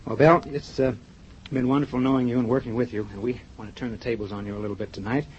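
A man hosting a live radio show, chatting with a guest and reading sponsor gifts in a brisk, chatty manner. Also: medium pitch, fairly even intonation, a little mellow. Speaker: radio host. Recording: dull 1950s radio broadcast with faint hiss.

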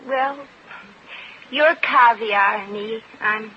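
A woman's voice: on the high side, drawn-out words. A woman playing a brash American shop girl in a 1940s radio drama, talking in slang with wisecracks. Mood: wistful. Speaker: lead actress. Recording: muffled old radio recording with hiss.

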